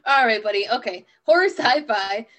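Bright, teasing female podcast host. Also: a little high, lively intonation, soft background music. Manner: quick, teasing, laughs often. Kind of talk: casual chat.

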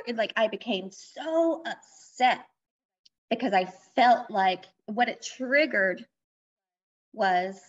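Woman coach chatting openly on a podcast, bit high-pitched, kinda muffled lo-fi sound. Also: animated, slow pace. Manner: candid, reflective, explains with personal examples. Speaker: life coach and author, podcast guest. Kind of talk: casual conversational interview. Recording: dull lo-fi audio.

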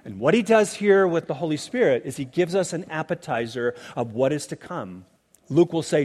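A man's voice: on the high side, expressive, moderate pace, darkish tone. A man preaching a sermon, teaching through scripture with emphatic asides to the listeners. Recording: long reverb of a large hall.

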